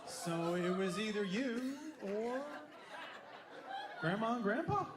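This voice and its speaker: Middle-aged guy doing stand-up, really high voice, animated storytelling, club echo and crowd laughing behind. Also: slow. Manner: animated storytelling, acting out dialogue. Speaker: stand-up comedian. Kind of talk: stand-up comedy set. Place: comedy club stage. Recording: echoey room with audience noise. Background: audience laughter.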